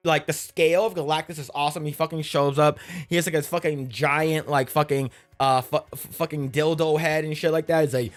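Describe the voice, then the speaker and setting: A man's voice: a little high, normal speed, faint music behind. A man giving a casual, rambling movie recap, crude and profane and full of fillers. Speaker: movie reviewer.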